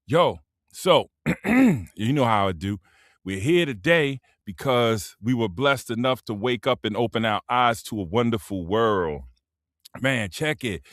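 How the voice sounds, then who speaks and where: A man's voice: fairly low pitch, fairly bright tone, no echo, studio quality. Laid-back man hosting a live stream. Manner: laid-back, rambling, clears throat often. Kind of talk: casual live-stream monologue. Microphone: simple microphone.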